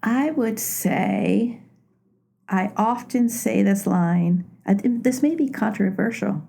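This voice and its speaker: A woman's voice: medium pitch, slow, gravelly, warm tone, slightly rough. A woman in her forties from Maine, a podcast guest chatting casually and laughing easily. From Maine, USA. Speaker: podcast guest, loan officer. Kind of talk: casual interview chat.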